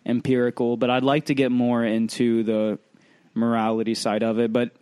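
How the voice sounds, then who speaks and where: A man hosting a podcast in casual chat, reflective and thinking aloud with halting restarts. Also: mid-range voice, flat delivery, a little mellow, smooth, no echo. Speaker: podcast host.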